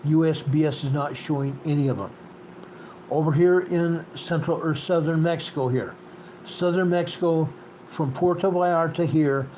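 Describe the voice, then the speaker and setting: A man with a slightly high voice walks through an earthquake map. He talks in an emphatic way and stresses his points by saying them twice. A faint hum sits under the recording. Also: a little mellow, low-quality recording. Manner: emphatic, repeats key points, asks "okay?". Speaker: host. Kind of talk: earthquake report narrated over a map.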